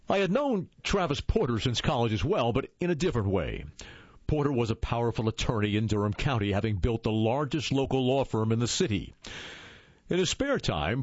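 Husky man narrating a memoir. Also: mid-range voice, no room sound. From Iowa, USA. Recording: dull, dry lo-fi recording.

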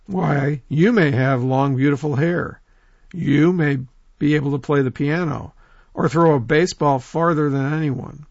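Gravelly male folk-tale storyteller. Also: a little high, unhurried, dry recording, muffled recording. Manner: lively, animated, addresses listeners directly.

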